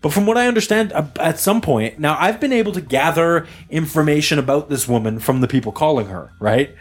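A man's voice: fairly high pitch, a little fast, faint music behind. A young man hosting a podcast, telling a story in a casual, joking way and acting out callers' lines. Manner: animated storytelling, jokey voices for callers. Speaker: podcast host. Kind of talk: casual chat.

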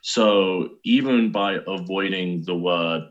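A British man with a fairly low voice chats on a film podcast. He explains his points in a relaxed way. He likes to illustrate them with quick, playful examples. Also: dull audio. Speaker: podcast co-host. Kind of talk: casual film podcast chat.

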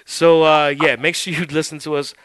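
A man's voice: fairly high pitch, flat delivery, normal speed, fairly bright tone, dry recording, poor audio. A man hosting a wrestling podcast, talking loosely and swearing freely with lots of "like" and "dude", sipping a drink as he goes. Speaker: podcast host. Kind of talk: casual chat.

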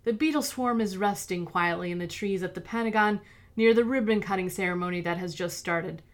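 A woman voicing a menacing, vengeful male villain who threatens and shouts. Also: medium pitch, a little fast, close to an everyday voice.

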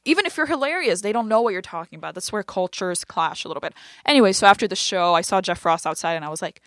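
A young woman from Lebanon, a comedian chatting as a guest and telling a story with animated quoted voices. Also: medium pitch, quick pace, no echo, studio quality. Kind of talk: casual chat.

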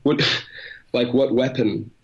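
A man's voice: medium pitch, fairly even intonation, takes it slowly, slightly rough, lo-fi sound. A man with a mixed English and American accent that people take for Australian, chatting as a podcast guest in a rambling, self-mocking way. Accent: mixed English-American, often taken for Australian. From England and America. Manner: rambling, self-mocking, laughs while talking. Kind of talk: casual podcast chat.

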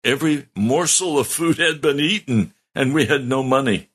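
A man's voice: mid-range voice, moderate pace, a bit bright, husky. A middle-aged man, a pastor, telling his testimony in a sermon, earnest and heartfelt with strong emphasis.

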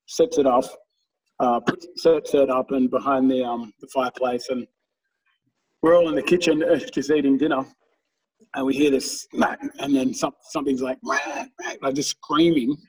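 A man's voice: mid-range voice, steady tone, normal speed, a little mellow, breathy edge, recorded from a distance, low-quality recording. A man telling rambling stories in casual chat, swearing freely and laughing at his own tales.

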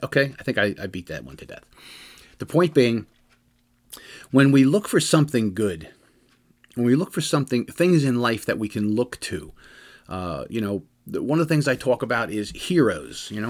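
A middle-aged American man telling stories in a loose, rambling monologue, full of fillers and restarts. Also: lowish voice. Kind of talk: casual storytelling monologue.

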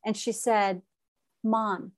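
A woman's voice: medium pitch, level tone, very slow. A middle-aged woman, a podcast guest telling an emotional personal story and acting out what others said. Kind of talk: conversational storytelling.

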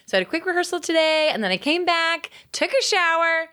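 A woman's voice: extremely high pitch, big pitch swings, brisk, sharp tone. A woman co-hosting a comedy podcast, chatting casually in an upbeat, bubbly way and laughing often. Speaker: co-host. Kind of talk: casual chat.

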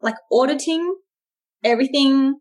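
A woman's voice: high voice, normal speed. A woman co-hosting a podcast, explaining a method step by step in loose, filler-heavy casual talk. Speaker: podcast co-host.

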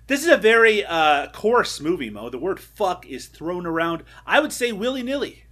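A playful man co-hosting a movie podcast, his voice bright and sitting a bit high. He teases his partner and laughs often as he recaps the plot. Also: very animated, normal speed. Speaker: podcast co-host. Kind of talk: casual chat about a movie.

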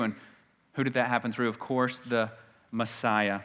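A male pastor preaching a sermon, swinging between loud emphatic peaks and hushed, low phrases. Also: little pitch movement, moderate pace. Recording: long hall reverb.

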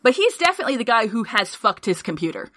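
A woman co-hosting a podcast in casual chat, excitable, swearing freely and laughing often. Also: a little high, quick pace, no echo. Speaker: podcast co-host.

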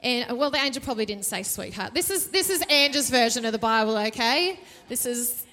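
A woman's voice: on the high side, expressive, fairly quick, bright, forceful tone. A woman preacher giving a chatty, jokey sermon from a church stage, often asking the audience questions. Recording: reverberant church hall.

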